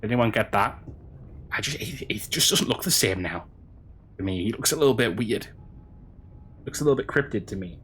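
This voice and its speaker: A man streaming a game, chatting casually with his audience in a halting way, with frequent restarts. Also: fairly low pitch, expressive, fairly bright tone, slight background noise. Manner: halting, chatty, many restarts, answering chat. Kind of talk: casual stream chat while gaming.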